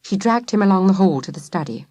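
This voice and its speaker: A woman narrating a children's audiobook with a lively, clear reading. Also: mid-range voice, quick pace, no room sound. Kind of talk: storybook narration.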